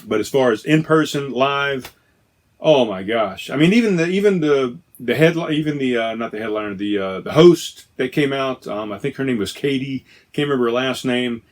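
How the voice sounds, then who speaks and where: A man's voice: medium pitch, lively intonation, moderate pace. A middle-aged man talks alone on his podcast in a casual, rambling way. He gets enthusiastic and often circles back to fix his own wording. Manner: rambling, self-correcting, enthusiastic. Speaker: podcast host. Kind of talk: casual solo podcast chat.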